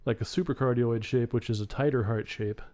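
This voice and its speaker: A man's voice: steady tone, brisk, darkish tone. A man co-hosting a livestream from a studio, explaining gear methodically in casual talk while thinking aloud. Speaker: livestream co-host. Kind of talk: casual technical chat. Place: home studio in Austin, Texas. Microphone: studio condenser microphone. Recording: air conditioning hum and computer rumble in the room.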